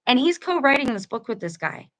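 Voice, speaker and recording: A woman's voice: high voice, sing-song, a little fast, a bit bright. A woman reading a book aloud to her viewers and breaking off into casual commentary, talking in a conversational way with restarts. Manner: conversational, chatty asides to viewers, restarts mid-sentence.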